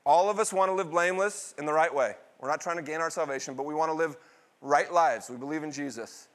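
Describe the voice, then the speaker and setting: A middle-aged male pastor preaching with a slightly high voice. He throws questions out to the congregation and answers them himself. He swings from loud, excited bursts down to low, hushed asides. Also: quick pace. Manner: call-and-response questions, dramatic swings in pitch and loudness. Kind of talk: sermon.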